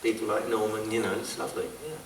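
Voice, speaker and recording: A man's voice: on the low side, steady tone, fast talker, a loud crowd. A man from North London, a first-time convention guest, bantering in a casual panel chat. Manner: chatty, teasing banter. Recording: roomy echo, mic far off.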